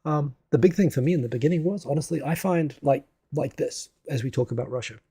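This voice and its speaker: A man's voice: on the high side, fast talker, dark tone, slightly rough, no room sound, studio quality. A man from New Zealand hosting a casual live stream, talking through news and reading viewer comments in a chatty way with many restarts. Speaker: live show host.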